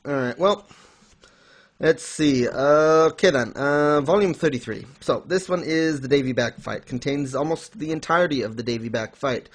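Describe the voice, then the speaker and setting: A man's voice: a little high, moderate pace. A man co-hosting a casual chat, rambling as he retells scenes, with chuckles and fillers. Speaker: podcast co-host.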